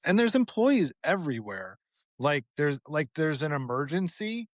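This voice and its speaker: A man co-hosting a podcast, telling a long story in a casual, animated way, acting out the people in it and swearing freely. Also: a little high, a little slow, dry recording. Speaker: podcast co-host.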